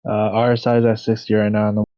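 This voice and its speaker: A man trading live on a stream, excitable and enthusiastic as the market moves. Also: on the low side, rapid-fire, clean tone. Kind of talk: casual live trading chat. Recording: dull lo-fi stream audio.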